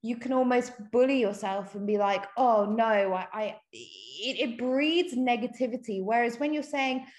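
A woman's voice: on the high side, expressive, moderate pace, hardly any pauses. A woman talking in an earnest, encouraging way in a casual conversation, often repeating words as she talks. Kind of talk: casual conversation on self-compassion.

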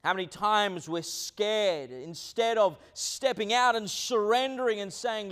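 A man preaching a sermon as pastor, with many fillers, swinging between hushed low lines and loud acted quotes. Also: unhurried, hardly any pauses.

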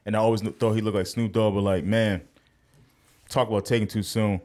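Low-voiced man hosting a relaxed podcast. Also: fairly quick. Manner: laid-back, profane, with filler-heavy restarts. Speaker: podcast host. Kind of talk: casual podcast chat.

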